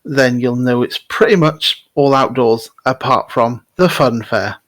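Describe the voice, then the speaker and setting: Man, podcast host, casual chat, laughs often, restarts sentences, mid pitch, dry close sound. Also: measured pace, a bit bright, dry recording. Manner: chatty, laughs often, stumbles over restarts.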